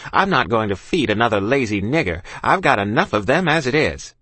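A man voicing a sharp, haughty woman who snaps and sputters with contempt, pitched higher than his narration. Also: sing-song, a little fast, slightly rough, no echo, heavily acted. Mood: snappish, scornful.

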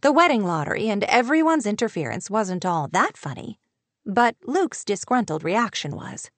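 Audiobook narrator: woman, mid-pitched, steady read, dry close studio sound. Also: moderate pace, dry recording. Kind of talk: scripted narration.

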